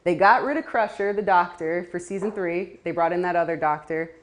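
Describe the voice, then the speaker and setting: A woman's voice: lowish voice, fairly quick. A woman giving a casual talk to a live audience, chatty, with laughing asides and many fillers. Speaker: community speaker.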